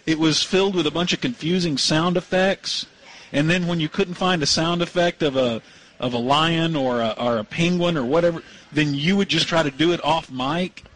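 Radio host guy, kinda high voice, chatty, telling a story all worked up. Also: moderate pace, fairly bright tone, poor audio. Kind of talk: casual radio banter.

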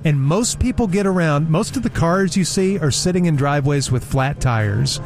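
A man's voice: on the high side, lively intonation, normal speed, darkish tone, soft background music. A man on a talk show telling a travel anecdote in a casual, chatty way, repeating words and mimicking the people he quotes.

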